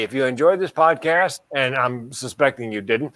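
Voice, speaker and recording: A man co-hosting a casual podcast, talking with dark, self-deprecating humor and chuckling at his own jokes. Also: medium pitch, lively intonation, normal speed, hardly any pauses, dry recording. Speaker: podcast co-host and mental health speaker.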